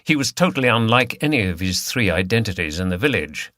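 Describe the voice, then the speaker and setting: A man's voice: fairly low pitch, very animated, brisk, pushed and bright, no room sound, clean studio sound. Man narrating a crime audiobook. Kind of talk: scripted narration.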